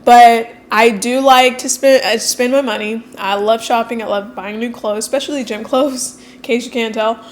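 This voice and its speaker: A woman speaking candidly and quickly in a casual personal vlog, with frequent fillers. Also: on the high side, steady tone. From Mexican heritage. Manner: fast-talking, candid, many fillers. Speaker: coach and content creator.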